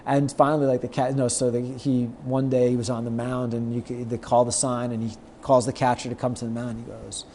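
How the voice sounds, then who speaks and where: A middle-aged man, a guest on an interview show, telling anecdotes lively and acting out the lines of the people in them. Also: mid-range voice, brisk, few pauses, a little hiss or hum. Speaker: guest, sports marketer. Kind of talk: storytelling in a podcast interview.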